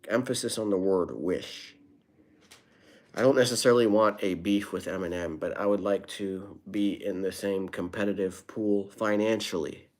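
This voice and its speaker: A man's voice: sits low, measured pace, slight background noise. A young man talking casually on his live stream, reading viewer comments aloud and answering them with wry, rambling, self-deprecating asides. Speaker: livestreamer.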